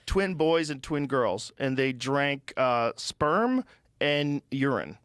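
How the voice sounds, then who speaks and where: A man's voice: mid-range voice, slow, smooth, no echo, studio quality. A middle-aged man hosting a podcast, telling stories in casual, profane chat. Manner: profane, animated storytelling. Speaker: podcast host.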